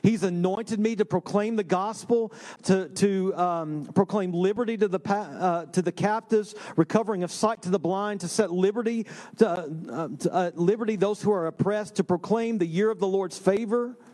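Man, pastor, high-pitched voice, conversational sermon, self-mocking humor. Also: moderate pace, dark tone. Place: church sanctuary.

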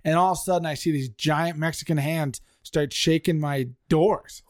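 On a podcast he co-hosts, a man with a fairly high voice tells friends a funny story at a moderate pace. He's animated and keeps laughing as he talks, recorded at studio quality with no echo.

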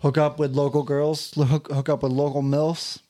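A man's voice: a little high, moderate pace. A young adult man co-hosting a casual podcast, swearing freely and laughing often. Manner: profane, laughing, animated. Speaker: podcast co-host.

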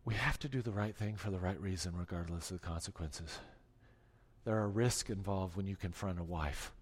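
A middle-aged man preaching a sermon, telling stories that swing from hushed asides to forceful declarations. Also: sits low, normal speed, slightly rough, big-room sound. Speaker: pastor.

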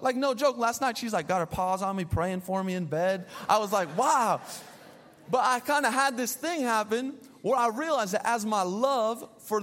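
Young male pastor, high-pitched, lively storytelling sermon, long reverb of a big hall. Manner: animated storytelling with playful asides.

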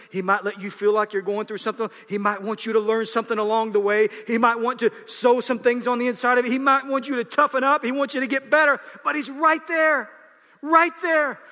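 A man preaching a sermon, swinging between raised, shouted passages and quiet, low asides. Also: in a large hall. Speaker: pastor.

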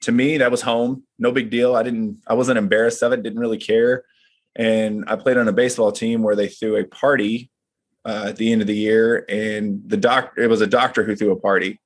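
A man's voice: lowish voice, flat delivery, normal speed. A man who leads a men's group, talking in casual chat and telling personal stories in an earnest, reflective way.

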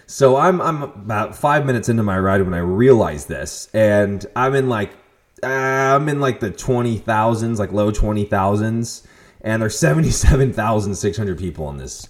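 A young man hosting a podcast, telling a story in a casual, profane monologue with sudden loud outbursts. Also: lowish voice. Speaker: podcast host.

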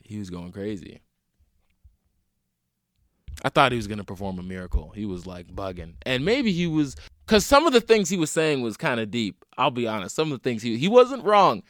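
A man's voice: mid-range voice, moderate pace, dry recording, clean studio sound. A man hosting a casual solo podcast, telling wry, swear-laden stories and acting out the voices of people he met. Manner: animated storytelling, acts out quoted voices. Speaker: podcast host; stand-up comedian.

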